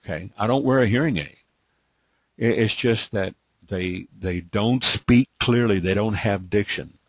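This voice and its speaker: In a dry recording, a middle-aged man with a light Texas accent hosts a live training webinar, speaking a little slowly in a husky, fairly low voice. He drawls and repeats points, frequently asking "okay?"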